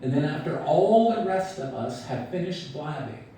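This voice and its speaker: A man in his sixties giving a memorial eulogy, telling stories about a friend in an unhurried, anecdotal way and quoting him with a chuckle. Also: a little high, expressive, background noise. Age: 60s. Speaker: eulogy speaker. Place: large echoey hall at a memorial service. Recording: echoey hall recording from far off.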